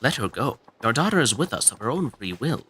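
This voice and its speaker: A man voicing a calm, sinister male cult member in a game dub, with a low, measured, preachy delivery. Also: husky, soft background music. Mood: menacing.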